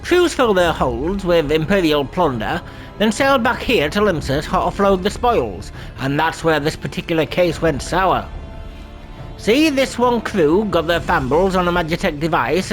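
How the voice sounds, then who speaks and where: A man voicing a gruff, swaggering male pirate guild boss, reading the lines with stumbles. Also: high-pitched. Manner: blunt, salty talk read aloud with stumbles.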